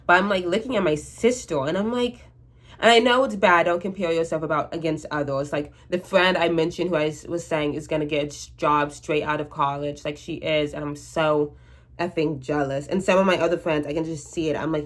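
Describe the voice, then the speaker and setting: A woman's voice: deep voice, normal speed. A woman in her twenties talking to camera in a rambling, anxious casual monologue, with frank swearing and many restarts. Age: 20s. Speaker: vlogger.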